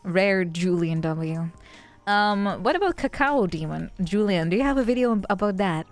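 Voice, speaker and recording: A woman's voice: mid-range voice, animated, moderate pace, faint music behind. A woman streamer chatting casually, playful and rambling, laughing often; English is not her first language. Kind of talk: casual chat.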